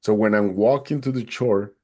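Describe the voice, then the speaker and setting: A man, a podcast guest, recounting a personal experience in an animated way and acting out the others' lines. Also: lowish voice, moderate pace. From Atlanta, Georgia, USA. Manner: animated, acts out the other people's lines in a raised voice. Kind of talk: personal storytelling.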